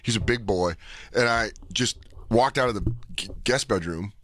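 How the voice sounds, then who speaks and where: A man in his thirties co-hosting a casual comedy podcast, telling stories with lots of laughter and sudden loud impressions. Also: fairly low pitch, moderate pace. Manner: animated, laughing, jumps into shouted impressions. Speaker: podcast co-host.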